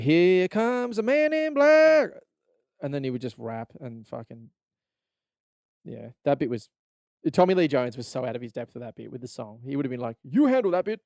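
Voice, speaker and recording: A man's voice: medium pitch, brisk, dry recording. Rambling, profane Australian man. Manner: profane, rambling, animated, laughs often. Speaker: podcast host. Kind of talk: casual solo podcast rant.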